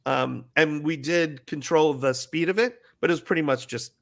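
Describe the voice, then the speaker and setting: Animated, bright-voiced man telling ride stories. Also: moderate pace, gravelly. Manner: animated, acts out riders' squeals in a high voice. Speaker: guest, former ride skipper. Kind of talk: casual storytelling interview.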